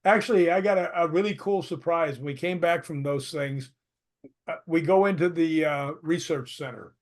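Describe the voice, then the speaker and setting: A chatty man, a guest on an interview show, spinning anecdotes in a loose, conversational way. His voice sits a little above the usual pitch for a man, and he breaks into laughter often. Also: normal speed. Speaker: paranormal investigator guest. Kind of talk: casual interview storytelling.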